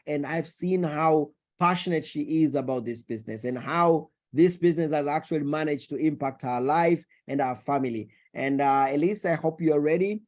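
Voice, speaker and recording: A man's voice: fairly high pitch, darkish tone. A man hosting an online business meeting, effusive and joking, often repeating words. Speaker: meeting host. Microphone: video call.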